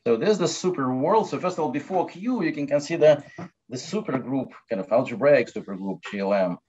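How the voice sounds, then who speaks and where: A man giving an academic mathematics lecture, talking haltingly with many fillers and restarts. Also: mid-range voice, expressive, a little mellow, a little hiss or hum. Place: lecture hall. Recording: dull lo-fi lecture recording.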